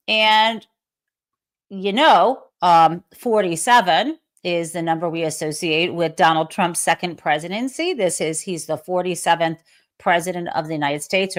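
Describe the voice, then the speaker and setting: A woman hosting a live commentary show, talking casually and snarkily and swearing freely. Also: on the low side. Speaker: host.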